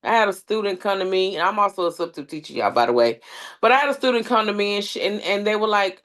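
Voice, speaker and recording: A woman speaks at an organizers' panel with an earnest, impassioned delivery. She is a substitute teacher who piles up long lists and leans on fillers. Her pitch sits in a middle range. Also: lively intonation, brisk.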